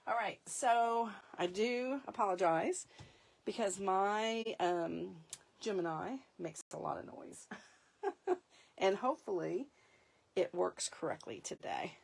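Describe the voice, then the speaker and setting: A woman's voice: medium pitch, expressive, slow pace, vocal fry, slightly rough. Chatty woman demonstrating paper crafts. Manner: chatty, laughs often between remarks; restarts and corrects herself mid-sentence.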